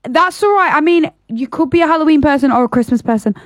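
A woman with a northern English accent co-hosts a radio show in a high, bright-toned voice. She chats eagerly and draws out words when she savors a point. Her voice is recorded close and dry in the studio. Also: animated, quick pace, dry recording. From Yorkshire, North of England. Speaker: radio co-host. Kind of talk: casual radio chat.

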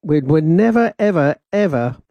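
A man on studio radio, headphones on and speaking into a studio mic, tells a rambling personal story with laughter and voiced quotes in a chatty way. His voice is on the high side, expressive and creaky at a moderate pace, and the dry recording has a lo-fi quality.

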